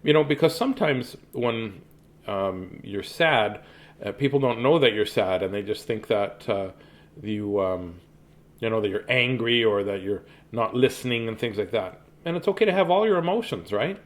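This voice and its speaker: A man's voice: lowish voice, animated, moderate pace. A man at home chatting with children and reading them a storybook aloud, talking in a friendly, repetitive way. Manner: chatty, warm toward children, repeats words often. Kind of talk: casual chat and storybook reading to kids.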